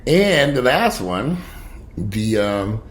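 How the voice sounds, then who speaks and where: A man's voice: lowish voice, very animated, drawn-out words. A man giving casual news commentary at home, chatty and digressive, swearing freely. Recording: noisy home recording with dogs. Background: dogs barking and whimpering.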